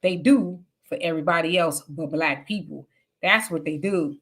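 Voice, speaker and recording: A live-stream host with a deep, fairly bright voice speaks at normal speed. She goes through viewer comments out loud, giving candid, chatty answers and tossing in asides.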